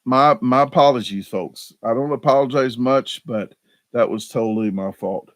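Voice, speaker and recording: A male live stream host chatting casually and poking fun at himself. He restarts his sentences often and fills the gaps with ums. His voice is mid-pitched, and the sound is dry and close. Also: normal speed, no room sound. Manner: rambling, self-deprecating, frequent fillers and restarts.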